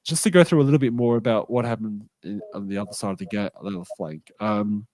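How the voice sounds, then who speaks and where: A man's voice: lowish voice, fast talker, no room sound. A man co-hosting a podcast, telling a tabletop game story and acting out the quoted lines. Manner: animated, acts out quoted dialogue. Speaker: podcast co-host. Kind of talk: casual chat, storytelling.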